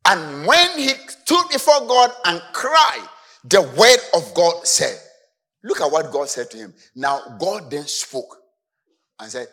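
A male preacher delivers his sermon in a fairly high, very lively voice. He drops into soft asides, then climbs to shouted emphasis. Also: takes it slowly.

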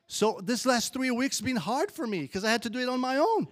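A man's voice: very high-pitched, expressive, brisk. A man addressing a church gathering, exhorting and rambling a little as he leads an appreciation of wives. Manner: warm-hearted, exhortative, rambling.

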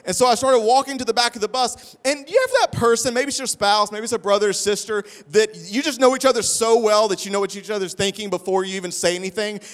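A man preaching a sermon, telling a funny, self-deprecating story in an animated way. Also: sits high, quick pace, few pauses. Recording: long hall reverb.

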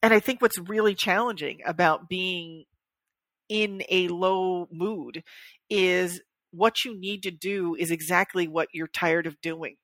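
A woman co-hosting a podcast in casual chat, animated and quick to joke at her own expense. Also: fairly low pitch, no room sound. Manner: animated, joking and self-mocking. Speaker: podcast co-host.

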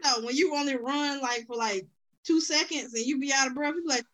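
A woman chatting casually among friends, telling lively stories and laughing often. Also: high voice, fairly quick. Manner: laughs often, animated storytelling. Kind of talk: casual chat.

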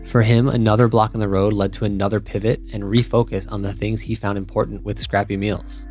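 A male podcast host reads a scripted opening in a low, measured voice. His delivery stays even and composed. Faint music sits underneath. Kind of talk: scripted intro narration and casual interjections.

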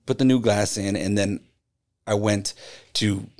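A man's voice: on the low side, a little slow. A middle-aged man, a guest on a podcast, telling a personal story in casual conversation and acting out the voices of the people in it. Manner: animated storyteller who acts out quoted voices. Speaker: podcast guest, graffiti artist.

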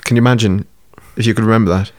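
A man's voice: fairly low pitch, steady tone, racing, no echo. Musing man, dry close sound. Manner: musing, giggly, asks many questions. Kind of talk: casual chat.

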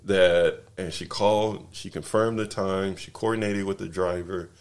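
A man's voice: sits low, steady tone, normal speed, clear, resonant tone. A man casually telling travel stories as a podcast guest, rambling with many fillers and restarts. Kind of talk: casual storytelling.

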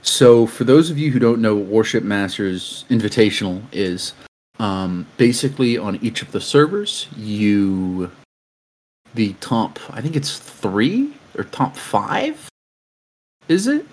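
Low-voiced man co-hosting a podcast. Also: very animated. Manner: halting, many restarts and fillers. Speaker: podcast co-host. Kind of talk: casual gaming podcast chat.

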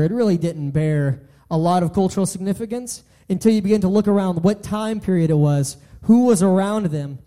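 A man's voice: high-pitched, warm tone. A young man giving an earnest sermon, often restarting and repeating his phrases. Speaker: preacher.

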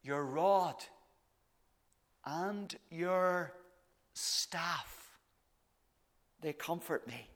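Pastor guy preaching slow, kinda high voice, goes all hushed sometimes, big echoey church hall. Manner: slow, deliberate preaching that sinks to soft, hushed phrases. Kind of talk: sermon. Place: church service. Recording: long reverb of a large hall.

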